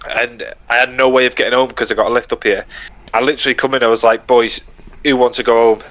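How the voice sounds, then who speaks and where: Bright-voiced young man swapping army stories. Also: mid-range voice, flat delivery, quick pace, lo-fi sound. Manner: laughing, swearing, acts out quoted lines. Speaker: podcast co-host. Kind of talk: casual storytelling chat.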